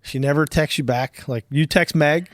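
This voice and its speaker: A man's voice: a little high, normal speed, dry recording. A man in his thirties hosting a podcast, telling stories in a rambling, profane, casual way full of fillers. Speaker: podcast host.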